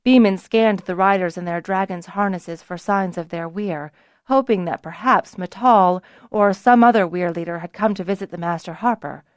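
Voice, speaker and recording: A woman's voice: fairly low pitch, normal speed, creaky, no room sound. Woman narrating a fantasy audiobook, dry sound.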